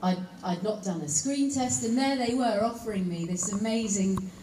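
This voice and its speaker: A woman, an actress, telling a lively anecdote to a live audience and teasing them with asides. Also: medium pitch, normal speed. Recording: echoey hall, voice picked up from a distance, faint room noise.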